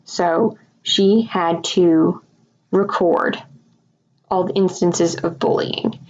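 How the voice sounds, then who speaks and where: A woman's voice: on the low side, fairly even intonation, drawn-out words, darkish tone, lo-fi sound. A woman teacher walking students through a recorded lesson, explaining each answer patiently and step by step.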